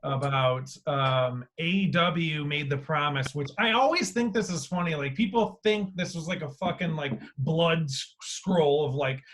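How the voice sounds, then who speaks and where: A man hosting a casual podcast, talking in an animated way with free swearing, his voice swinging between loud and quiet. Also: fairly high pitch, unhurried, hardly any pauses. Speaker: podcast host.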